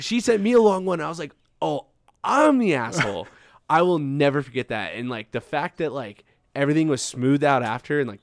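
A man's voice: mid-range voice, no room sound. Young man telling a sweary story. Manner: swears often, acts out his own past reactions. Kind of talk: casual storytelling chat.

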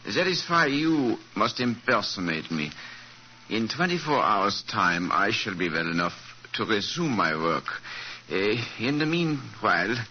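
Brief: an injured German diplomat count, low and lively in pitch, heavy accent, halting delivery, 1940s radio drama sound. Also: male voice. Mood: earnest. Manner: halting, frequent hesitant "uh"s. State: weak from injuries. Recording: muffled 1940s radio broadcast, faint hiss.

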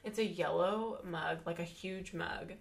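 A woman's voice: on the low side, measured pace, vocal fry. A young woman, co-hosting a chatty podcast and telling stories animatedly. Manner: animated storyteller, swearing, acting out voices. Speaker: podcast co-host. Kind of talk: casual chat.

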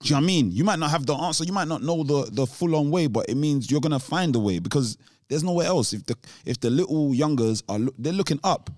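A man's voice: a little high, animated, quick pace, darkish tone, no room sound, clean studio sound. A man chatting casually as a co-host, rambling off on tangents with lots of restarts and street slang. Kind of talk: casual chat.

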